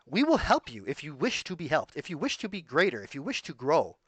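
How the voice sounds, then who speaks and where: A man's voice: on the high side, wildly swooping pitch, fairly quick, a bit bright, breathy edge, no room sound. A man talking to his viewers in a rambling, urgent monologue, often repeating himself and pleading with them. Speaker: video blogger. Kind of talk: casual monologue to camera.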